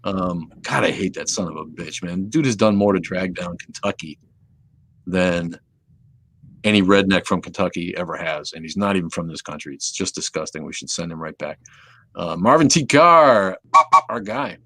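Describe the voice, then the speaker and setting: A man's voice: low voice, lively intonation, normal speed, a bit bright. A man hosting a casual livestream, reading viewer comments and rambling profanely, often trailing off into mumbles. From Southeast Wisconsin. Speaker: livestream host.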